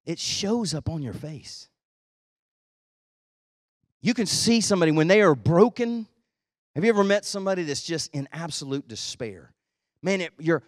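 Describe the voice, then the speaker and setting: A male pastor preaching a sermon in a fairly high voice. He is emphatic, dropping quiet and then rising loud. The sound is dry and close. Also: no room sound. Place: church.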